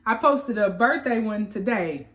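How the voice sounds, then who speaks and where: A woman hosting an eating show from a home man cave, chatting in a relaxed way and talking straight to her viewers. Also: mid-range voice, a little slow. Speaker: mukbang host. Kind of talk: casual eating-show chat.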